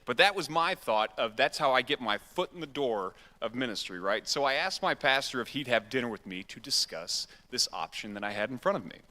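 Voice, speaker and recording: Bright-voiced preacher in a hall. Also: male voice, mid-range voice. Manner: casual, self-deprecating storytelling. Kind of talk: storytelling sermon. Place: church sanctuary. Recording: reverberant church hall.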